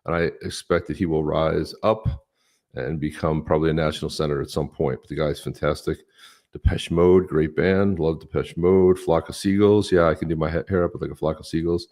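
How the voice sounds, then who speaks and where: A man's voice: extremely low pitch, steady tone, brisk, a little mellow. A man co-hosting a live stream, chatting casually and upbeat, greeting viewers by name. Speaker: podcast co-host.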